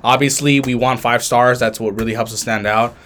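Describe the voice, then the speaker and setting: Young guy from Southern California, podcast co-host, swears freely and jokes, mid-pitched voice. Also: steady tone, a little fast, fairly bright tone, a little hiss or hum. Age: young adult. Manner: loose, profane, joking banter. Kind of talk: casual podcast chat.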